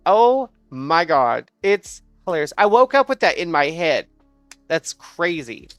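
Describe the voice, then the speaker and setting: A woman livestreamer telling a funny work story in casual chat, animated and quick to laugh and swear. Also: low-pitched, no room sound, soft background music.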